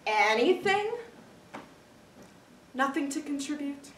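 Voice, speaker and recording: A teenage girl performing a comic monologue on stage, with a wry, deadpan delivery. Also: on the high side, unhurried. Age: teens. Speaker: student actor. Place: stage in a hall. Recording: echoey room, far from the mic, faint noise.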